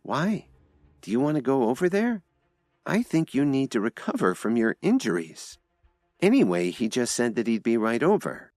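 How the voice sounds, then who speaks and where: A man voicing a shy, worried young woman in a soft, raised voice. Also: sing-song, normal speed, no echo, clean studio sound, lightly acted. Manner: soft, pleading, high-pitched.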